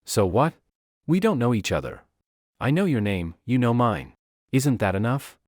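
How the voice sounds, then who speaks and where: A man voicing an obsessive young female vampire, clingy and menacing, in a lively, dry recording. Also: mid-range voice, normal speed, no room sound. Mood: possessive. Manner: clingy, then coldly possessive.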